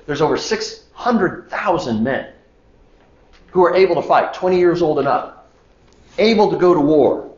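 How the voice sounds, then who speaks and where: Male pastor, higher voice, lively emphatic sermon delivery, dull echoey room sound. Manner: animated, emphatic preaching with shifts to loud urging.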